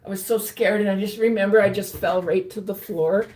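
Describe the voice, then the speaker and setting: A woman recounting her own past in a halting, earnest personal story, with frequent restarts. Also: medium pitch, steady tone, darkish tone. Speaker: vlogger recounting her life.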